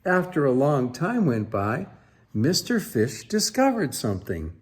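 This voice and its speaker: A man reading a children's picture book aloud, expressive and playful, with sound effects. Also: medium pitch, unhurried. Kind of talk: storybook read-aloud.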